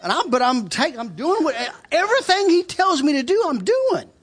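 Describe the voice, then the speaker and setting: A preacher giving a humorous testimony in a sermon, an animated storyteller who laughs often and acts out the voices of others. He speaks as a man. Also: very high-pitched, fairly quick.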